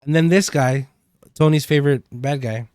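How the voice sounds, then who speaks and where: A man's voice: fairly high pitch, moderate pace, darkish tone, no room sound, clean studio sound. A man co-hosting a podcast, casually recapping a TV episode with rambling asides and many "um"s. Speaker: podcast co-host.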